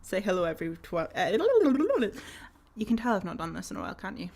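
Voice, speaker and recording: A woman's voice: mid-range voice, huge pitch swings, a little fast, darkish tone. A woman chatting casually with her viewers on a game live stream, giggly and rambling with lots of ums.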